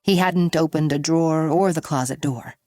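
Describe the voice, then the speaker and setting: A woman narrating an audiobook in a measured, even reading. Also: deep voice, no echo, faint music behind. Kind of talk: scripted narration.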